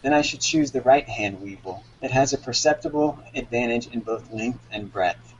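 A man's voice: mid-range voice, moderate pace, dull audio, a little hiss or hum, close to an everyday voice. A man reading the lines of a dry, pedantic ship's surgeon in his own voice.

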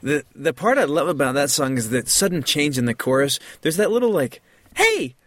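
A man's voice: mid-range voice, lively intonation, a little fast, a bit bright, no room sound. Chatty male music podcast host. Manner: enthusiastic, chatty, many "like"s. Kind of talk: casual chat about music.

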